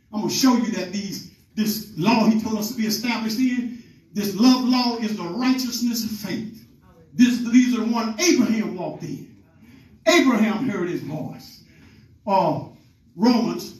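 A man with a very high speaking voice preaches in a loose, informal way, calling out to his congregation and retelling scripture in everyday words. The sound is roomy and echoing, and he is heard from a distance. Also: a little mellow. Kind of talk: teaching sermon. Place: meeting room with a congregation. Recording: echoey room, voice from far off.

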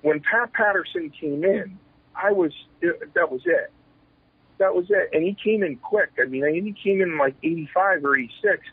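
Animated man telling stories over a phone line. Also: fairly high pitch, moderate pace, breathy edge, no echo. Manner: animated, acts out quoted exchanges, restarts sentences. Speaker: retired pro wrestler, interview guest. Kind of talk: candid storytelling interview. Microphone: telephone.

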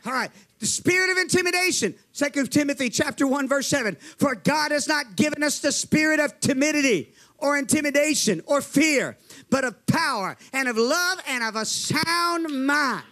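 A man's voice: very high voice, expressive, moderate pace, pushed and bright. A man preaching a fervent sermon, telling his testimony, calling to the crowd and acting out the voices in his story.

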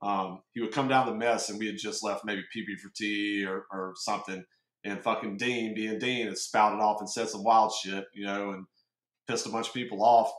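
A man in his forties hosting a podcast, telling stories in a casual, profane, animated way. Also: on the low side, normal speed, roomy sound. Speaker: podcast host. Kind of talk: casual interview chat.

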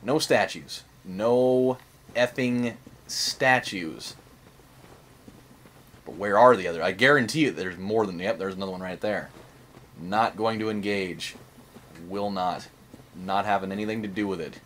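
A man's voice: low-pitched, moderate pace, fairly bright tone. A young man hosting a let's-play, rambling and joking in casual commentary, swearing and saying "like" a lot. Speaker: gaming channel host.

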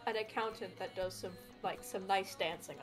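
A woman's voice: medium pitch, normal speed, soft background music. A woman streamer chatting and reading a story aloud in a jokey, laughing way.

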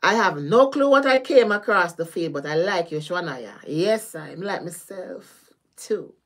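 A woman's voice: fairly low pitch, measured pace. Caribbean woman chatting on a live stream. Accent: Caribbean, Jamaican-style patois. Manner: chatty and animated, swears freely, laughs often. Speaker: tarot reader. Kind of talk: casual live-stream chat with viewers.

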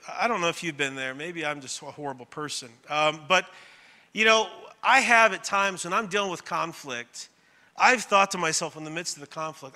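Pastor, man, 30s. High, bright, emphatic sermon delivery, long hall echo. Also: moderate pace. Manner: builds to emphatic, repetitive rising phrases.

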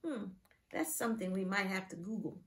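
A woman teacher reading a picture book aloud to preschoolers, asking them questions in an exaggerated, animated way. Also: medium pitch, brisk.

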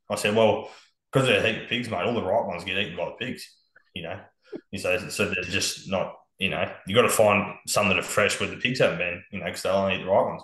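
A man's voice: low-pitched, fairly even intonation, fairly quick, sharp tone, roomy sound, low-quality recording. An Australian man telling hunting-camp stories as a podcast guest, laid-back and swearing freely. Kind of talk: casual storytelling on a podcast.

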